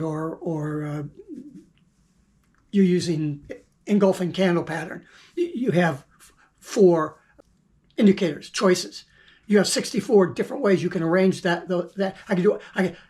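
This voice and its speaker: A woman's voice: on the low side, a little mellow. A woman teaching forex trading in an informal monologue, blunt and conversational, often repeating words as she thinks and now and then swearing.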